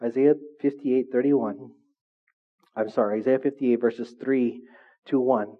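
A man's voice: mid-range voice, steady tone, measured pace. A male pastor preaching a conversational sermon, often checking in with his listeners. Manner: conversational, keeps checking in with the congregation. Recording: dull lo-fi recording.

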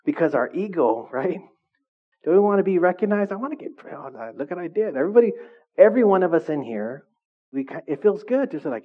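A man preaching to his congregation in a casual, animated way, often asking the room questions. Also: high voice, a little fast, narrow, tinny audio. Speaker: pastor. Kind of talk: sermon.

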